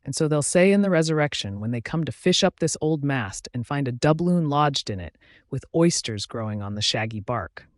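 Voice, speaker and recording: A man's voice: mid-range voice, animated, moderate pace, no echo, clean studio sound, close to an everyday voice. A man voicing a wry, superstitious ship's mate in an audiobook, musing in chatty asides.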